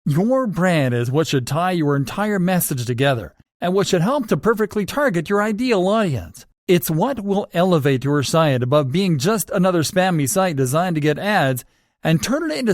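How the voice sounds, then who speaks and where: A man reading scripted instructional narration for a course, in a steady, instructive manner that leans on key points. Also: fairly high pitch, no room sound, clean studio sound.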